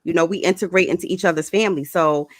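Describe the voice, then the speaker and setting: A woman's voice: on the low side, fast, no echo. A woman co-hosting a casual talk show, teasing the others with playful questions. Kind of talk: casual chat.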